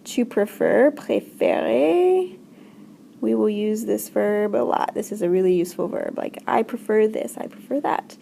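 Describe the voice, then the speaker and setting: A woman teaching a French grammar lesson, explaining slowly and clearly with frequent fillers. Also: medium pitch, dark tone, slight background noise. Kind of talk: recorded classroom lesson.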